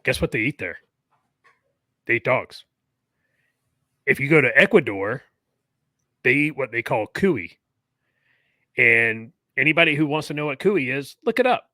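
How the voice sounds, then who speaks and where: A man's voice: medium pitch, lively intonation, measured pace, long pauses, pushed and bright, dry recording. A man co-hosting a podcast in casual chat, talking loosely with lots of fillers and tangents. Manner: chatty, goes off on tangents with many fillers. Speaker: podcast co-host.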